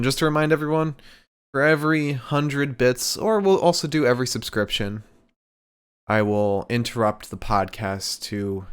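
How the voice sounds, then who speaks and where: Male podcast co-host, smooth low voice, playful and self-deprecating storyteller. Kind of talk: casual chat, reading comic fan fiction aloud.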